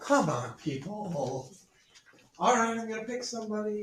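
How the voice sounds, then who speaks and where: A male chemistry teacher running a classroom demonstration, joking with students, repeating "all right" and calling the class ladies and gentlemen. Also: high voice, big pitch swings, normal speed, very noisy. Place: school classroom. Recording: echoey classroom from far off.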